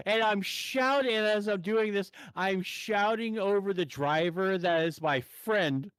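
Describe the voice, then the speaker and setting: A man calling in to tell a profane, heated story in an animated way. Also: sits high, measured pace, hardly any pauses, smooth, no echo, low-quality recording. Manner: animated, swears constantly, heated. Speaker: caller telling a story.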